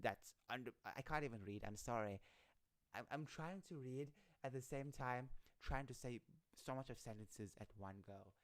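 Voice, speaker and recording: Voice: medium pitch, normal speed. Rambling streamer reading articles aloud. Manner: rambling, stumbling over words, frequent laughter. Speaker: live streamer. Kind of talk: casual livestream reading satire articles.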